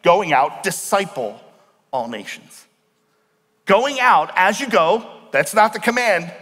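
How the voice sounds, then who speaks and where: High-voiced pastor preaching in a hall. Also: male voice, sharp tone. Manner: asks the congregation questions, explains words slowly. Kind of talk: sermon. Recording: long hall reverb.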